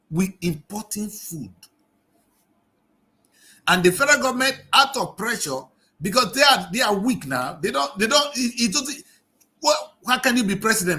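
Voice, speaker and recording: A man's voice: high voice, very animated, moderate pace, pushed and bright. A man giving impassioned political commentary on a TV review show, scolding and firing off rhetorical questions.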